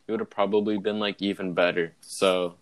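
A man's voice: sits low, level tone, moderate pace. A young man hosting a casual podcast, telling a rambling story and laughing often. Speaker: podcast host. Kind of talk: casual chat.

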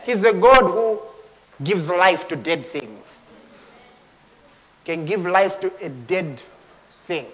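A man preaching a sermon with passion, moving from hushed tones to shouting and at times speaking in tongues. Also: sits high, takes it slowly, long pauses, long reverb tail. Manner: impassioned, swings between hushed and shouting.

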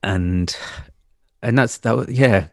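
Lively male storyteller, low voice. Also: slow, no echo, clean studio sound. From United Kingdom. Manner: animated, laughs often, acts out family dialogue. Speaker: actor and A&E doctor, guest. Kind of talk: candid conversational storytelling.

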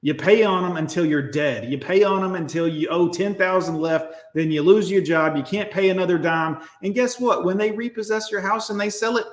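A man's voice: a little high, echoey room. Blunt, profane man ranting to viewers. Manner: addresses viewers directly. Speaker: livestream host. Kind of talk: ranting livestream commentary.

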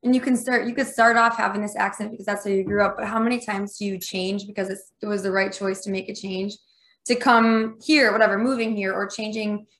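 A woman's voice: mid-range voice, steady tone, brisk, a bit bright. A woman with a thick Minnesotan accent, co-hosting a podcast in playful, rambling casual chat. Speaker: podcast co-host.

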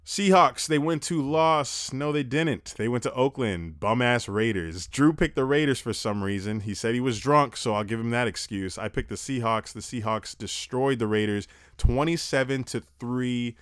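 A young man hosting a casual football recap podcast, talking fast, animated and profane, breathing heavily into a close mic. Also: mid-range voice, clean tone, no room sound. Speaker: sports podcast host.

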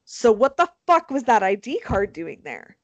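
A woman hosting a casual podcast chat, animated and swearing freely, with lots of fillers. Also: on the high side, normal speed, no room sound. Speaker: podcast host.

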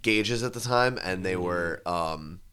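A man telling a crude bar story in casual chat, acting out quotes loudly. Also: deep voice, slow, clean tone.

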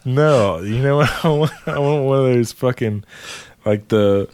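A man's voice: mid-range voice, a little slow, darkish tone, a little hiss or hum. A young man co-hosting a casual podcast, joking and swearing casually. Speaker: podcast co-host. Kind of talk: casual chat.

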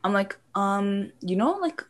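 A woman's voice: mid-range voice, lively intonation, unhurried. A teenage girl co-hosting a podcast, complaining about her sister with frequent laughter in casual chat. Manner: giggly, exasperated complaining. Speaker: podcast co-host.

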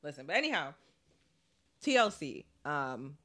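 A podcast co-host with a New York accent and a mid-range voice, chatting in a loose, animated way. The talk is slangy and profane, full of stories and quick laughs. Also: medium pitch. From Brooklyn, New York. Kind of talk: casual podcast chat.

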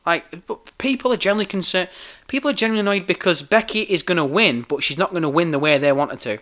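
A hoarse man rants into his podcast microphone, swearing freely and circling back over his points. His voice is bright, forceful and a touch high, worn rough from talking at length. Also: animated, fairly quick. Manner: heated, sweary, repeats himself. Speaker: podcast host. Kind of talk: ranting podcast commentary.

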